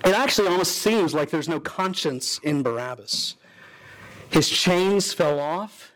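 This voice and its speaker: A man's voice: expressive, measured pace, fairly bright tone. A man preaching a sermon as pastor, telling a story dramatically with sudden rises and drops in his voice. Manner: dramatic storytelling preacher, voicing characters with pitch swings.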